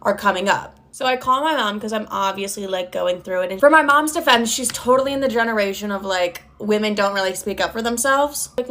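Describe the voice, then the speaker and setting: A woman's voice: medium pitch, fairly quick, hardly any pauses, a bit bright. A woman telling a personal story in a casual, blunt way, swearing freely and stressing her words.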